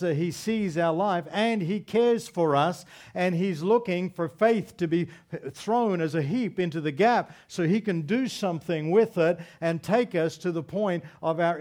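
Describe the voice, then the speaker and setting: A pastor preaches a sermon to his congregation in a voice a little higher than most men's and a little mellow. He hammers his points home with repeated refrains and a string of rhetorical questions.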